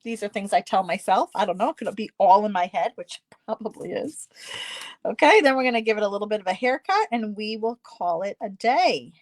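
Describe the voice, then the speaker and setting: A woman's voice: mid-range voice, lively intonation, brisk, dry recording. A woman hosting a card-making tutorial, chatting casually and poking fun at herself as she works. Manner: chatty, self-deprecating, talks while working.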